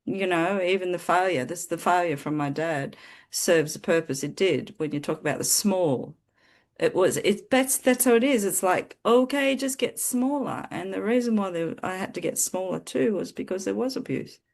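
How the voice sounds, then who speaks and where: A woman guest on a podcast, earnestly telling her personal story in a halting way with many restarts. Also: fairly low pitch, animated, vocal fry, a little mellow. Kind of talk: personal testimony in conversation.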